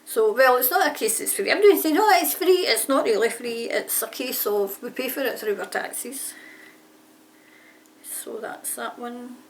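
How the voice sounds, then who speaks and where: A woman's voice: a little high, measured pace, a little hiss or hum. A woman chatting casually about her writing, rambling and often correcting herself mid-sentence. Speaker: aspiring author answering a tag. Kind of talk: casual chat. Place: home near a railway line. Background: trains passing.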